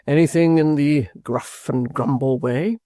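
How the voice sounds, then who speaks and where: A man's voice: on the high side, dark tone, no room sound, studio quality, lightly acted. A man voicing a pompous theatrical actor who drawls his words grandly. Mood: hammy. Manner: slow, drawn-out, grandly theatrical.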